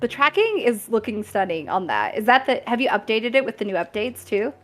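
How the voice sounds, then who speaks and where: A woman's voice: on the high side, big pitch swings, brisk. A young woman streamer chatting casually, laughing often as she talks. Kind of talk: casual chat.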